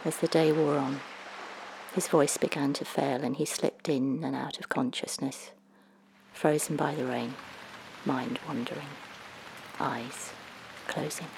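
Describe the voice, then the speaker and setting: A woman narrating a storybook in a measured, expressive way, sometimes dropping almost to a whisper. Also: extremely low pitch, gravelly, background noise.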